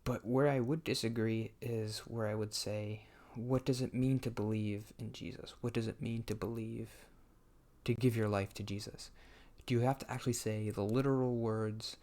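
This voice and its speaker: A man's voice: lowish voice, fairly even intonation, moderate pace, a little mellow. A man talking casually while he plays a game, thinking aloud in a hesitant way and often restarting his sentences. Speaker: gameplay commentator.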